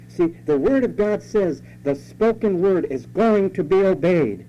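A man's voice: high voice, animated, normal speed, hardly any pauses, mellow. A male pastor preaching a sermon emphatically, repeating key phrases and asking the congregation rhetorical questions. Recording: dull lo-fi sermon recording with faint hum.

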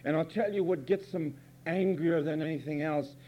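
A man's voice: fairly high pitch, moderate pace, highs cut off, a little hiss or hum. A man preaching a fiery, sarcastic sermon from the pulpit, emphatic and blunt. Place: church pulpit.

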